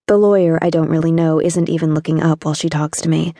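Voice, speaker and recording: A woman's voice: deep voice, level tone, fast, hardly any pauses, mellow, no echo, clean studio sound. A woman narrating an audiobook in the first person, in a wry, sardonic teenage voice.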